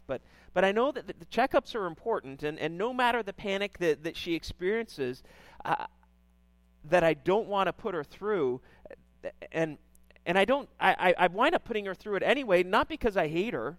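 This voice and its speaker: A middle-aged man preaching in a relaxed, talky way, his voice sitting a little higher than most men's. He keeps checking in with his listeners and doubles back on his words. The sound is dry and close, with no room around it. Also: normal speed, no echo. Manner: conversational preaching, frequent "right?" and repeated words. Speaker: pastor. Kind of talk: sermon.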